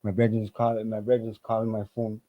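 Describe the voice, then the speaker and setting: A podcast guest with a lowish voice tells stories casually and a little fast, cursing freely and animatedly acting out the voices of the people involved. The sound is dry and lo-fi.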